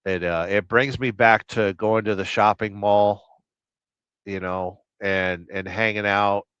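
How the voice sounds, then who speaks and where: Taking his time, a middle-aged man from Southern California who drives a truck reads viewer comments crudely on a casual stream and hums nonsense syllables between them. His voice sits on the low side, steady, fairly bright and smooth, with no room sound and a slightly dull lo-fi quality.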